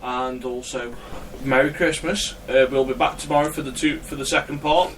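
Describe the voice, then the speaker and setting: A man's voice: medium pitch, steady tone, normal speed. A man co-hosting a casual podcast who needles his co-hosts sarcastically. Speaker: podcast co-host. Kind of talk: casual banter. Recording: distant mic with faint background noise.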